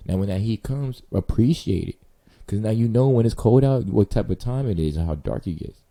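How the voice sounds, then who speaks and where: A man with a lowish, dark-toned voice talks fairly quickly and expressively. He's hosting his vlog, rambling straight to the listener in a slangy, profane casual monologue to camera.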